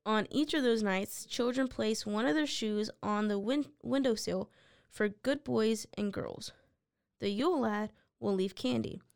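A woman co-hosts a podcast, reading facts aloud and tossing in blunt, dry quips. Her voice is slightly high, smooth and resonant with a gravelly fry underneath. The sound is close and dry. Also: measured pace, no echo. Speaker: podcast co-host. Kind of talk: casual chat, reading notes.

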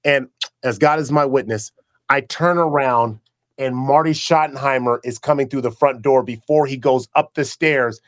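A man's voice: medium pitch, moderate pace, no echo, clean studio sound. A man, a former pro football player turned broadcaster, tells stories in a casual interview and acts out the dialogue he quotes. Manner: animated storyteller who acts out quoted dialogue, with frequent restarts.

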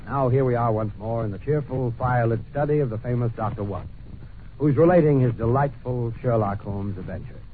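A man acting as radio announcer, giving a scripted introduction in a smooth, genial way. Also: mid-range voice, a little fast. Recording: scratchy lo-fi old radio broadcast.

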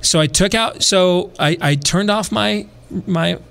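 Animated man telling a story. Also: sits high, slow, gravelly, smooth. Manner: animated, repeats himself, dry asides. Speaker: podcast host. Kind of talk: casual storytelling.

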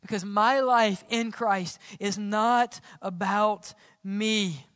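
A man preaching a sermon as pastor in a church, swinging between loud calls and hushed, whispered lines. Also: high-pitched, fairly even intonation, slow pace, smooth, no room sound, studio quality, big-room sound.

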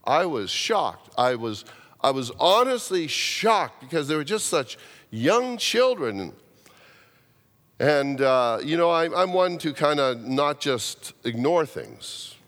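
Pastor slowly telling a sermon story, lots of ups and downs in his voice, long church reverb. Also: fairly high pitch. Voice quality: animated storyteller, repeats words, acts out quoted voices. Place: church sanctuary.

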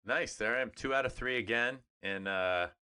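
A man's voice: mid-range voice, fairly quick, sharp tone, clean tone. A man co-hosting a podcast, chatting casually about sports in an upbeat, rambling way with fillers. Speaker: podcast co-host.

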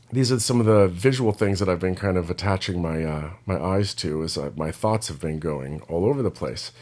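Laid-back man with a low voice. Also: a little mellow. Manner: loose and meandering, heavy use of "like". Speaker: indie rock singer and vlogger. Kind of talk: casual rambling vlog chat.

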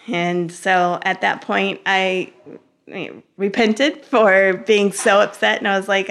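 A woman as an interview guest, telling her story in an animated, conversational way with frequent laughter, fillers and restarts. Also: mid-range voice, slow pace, gravelly. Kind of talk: conversational personal testimony.

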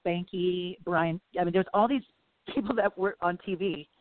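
A woman's voice: lowish voice, moderate pace, no room sound. Woman telling stories over a tinny line. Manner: rambling, animated storyteller. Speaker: podcast guest. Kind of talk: casual storytelling interview. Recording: phone-like line with faint hiss.

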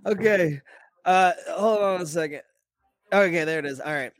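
A man co-hosting a podcast, chatting casually about football, animated and profane, laughing often. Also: sits high, moderate pace, no room sound. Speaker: podcast co-host. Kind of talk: casual sports chat.

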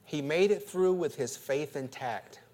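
A male pastor preaching a sermon, swinging from calm teaching to loud, high, laughing bursts, repeating phrases as he builds. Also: a little slow. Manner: repeats phrases and restarts when fired up.

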